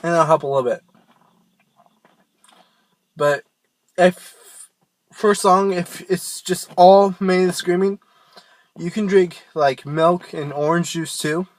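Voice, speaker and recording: Slow-talking young man giving scream lessons. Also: sits high, dry recording. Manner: rambling, self-mocking, loose and informal. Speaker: scream vocal tutor. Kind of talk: casual home tutorial.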